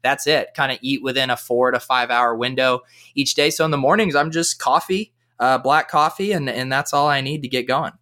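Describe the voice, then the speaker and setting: A young man talking fantasy football as a podcast guest, energetic and analytical, with frequent fillers. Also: medium pitch, normal speed. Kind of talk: casual podcast chat.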